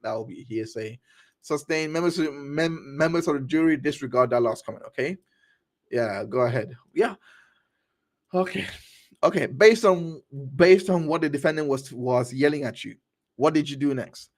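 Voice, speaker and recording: A man's voice: a little high, expressive, normal speed. A man reading court transcripts aloud for his show, stumbling over lines and adding his own asides. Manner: reads all parts aloud, stumbling and restarting, with asides. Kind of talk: cold read of a transcript with commentary.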